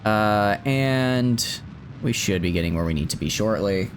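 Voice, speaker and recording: A man's voice: lowish voice, animated, measured pace, slight background noise. A man streaming a video game in casual live commentary, thinking aloud and tripping over words as he restarts.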